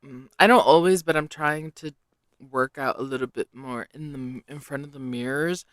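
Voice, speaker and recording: A man's voice: mid-range voice, moderate pace, fairly bright tone, dry recording, clean studio sound. A man hosting a casual solo podcast, rambling and self-deprecating with many hesitations. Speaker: podcast host.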